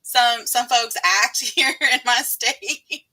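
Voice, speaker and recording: Giggly Texan woman in her thirties, bright and fairly high, chatty livestream host. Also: takes it slowly. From Texas. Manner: giggly, chatty, frequent laughter. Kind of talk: casual live-stream chat.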